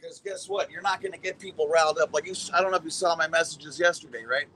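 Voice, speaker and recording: Blunt guy swearing, kinda high voice, faint street noise behind. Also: quick pace, pushed and bright.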